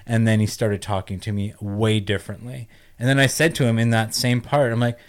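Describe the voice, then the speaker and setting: A man's voice: medium pitch, brisk, clear, resonant tone. A young man co-hosting a podcast, telling a heated story in a fired-up, ranting way. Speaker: podcast co-host. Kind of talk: casual podcast chat.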